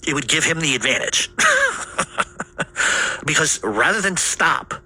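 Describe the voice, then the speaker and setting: A man from Rhode Island telling a family story in a loose, rambling way. He swears freely and fills his pauses with "uh". His voice is husky and tense, with a hard, pushing edge. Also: on the high side, animated, pushed and bright. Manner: rambling, heavy swearing, frequent fillers.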